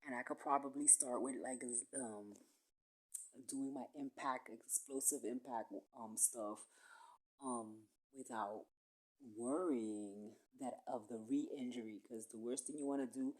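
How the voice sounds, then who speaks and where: A woman in a casual, rambling monologue, talking in a profane, streetwise way that swings between low murmurs and sudden loud bursts. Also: fairly even intonation, a little slow, poor audio. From small town.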